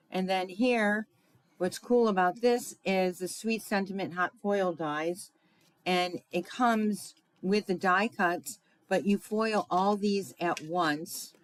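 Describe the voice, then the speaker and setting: A woman's voice: mid-range voice, takes it slowly, no echo, rough recording. A woman giving a casual live craft demonstration, chatty and thinking aloud, talking to her viewers with fillers and asides.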